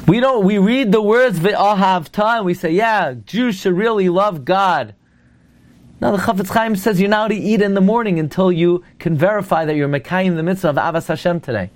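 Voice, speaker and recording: A man's voice: sits high, fairly quick, hardly any pauses. A man giving a Torah lecture who tells stories and speaks emphatically, putting rhetorical questions to his listeners and mixing Hebrew and Yiddish terms into his English. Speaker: rabbi teaching Torah.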